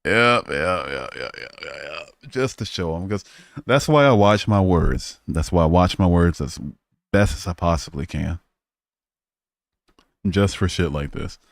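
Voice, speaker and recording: A man's voice: deep voice, animated, unhurried, long pauses, no echo, studio quality. A man hosting a live stream, chatting casually and profanely while reading and answering comments. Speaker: livestream host.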